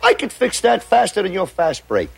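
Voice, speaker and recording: A man's voice: high voice, huge pitch swings, normal speed, gravelly, some chatter behind, slight background noise, exaggerated voice. An actor playing a cheerful male plumber hero in a live-action kids' sitcom, with eager, boastful delivery. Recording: old TV clip with music.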